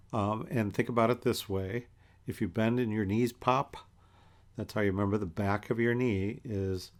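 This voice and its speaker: Low-voiced man teaching anatomy. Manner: relaxed and conversational, with many fillers and pauses. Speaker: anatomy instructor. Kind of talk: lecture walking through anatomy images.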